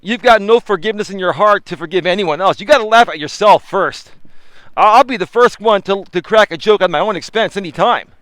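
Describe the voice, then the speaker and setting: A man's voice: high voice, a little fast, a bit bright, dry recording. A man, a life coach, talking casually to a live chat while walking outdoors in a park, filming on a selfie stick, laughing often and preaching in asides. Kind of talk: live-streamed walking talk. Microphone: camera on a selfie stick.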